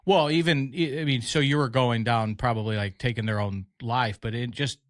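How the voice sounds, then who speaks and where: Male podcast host, mid-pitched, loose jokey rambling chat, dry booth sound. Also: no echo. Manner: rambling, joking, quick asides. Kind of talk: casual chat.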